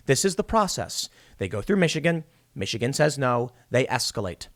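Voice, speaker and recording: A man's voice: mid-range voice, fairly quick. A man hosting political commentary, reading news articles and adding sarcastic, opinionated remarks. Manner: animated, sarcastic, mocks opponents.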